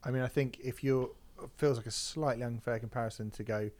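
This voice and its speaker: A man's voice: mid-range voice, fairly even intonation, fairly quick, a little mellow. A man co-hosting a podcast, talking casually with sarcastic, blunt remarks and swearing. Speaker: podcast co-host.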